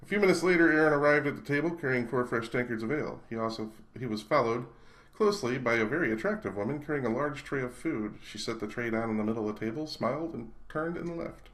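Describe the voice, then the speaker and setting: A man's voice: mid-range voice, lively intonation, fast, a bit bright. A man reading his own short story aloud in a casual, unpolished way, stumbling and correcting himself. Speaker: author and reader.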